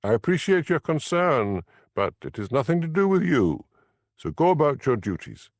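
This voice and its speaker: A man voicing a self-important middle-aged police superintendent, smooth and dismissive. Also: mid-range voice, very animated, moderate pace, no room sound, pitched above the performer's own voice.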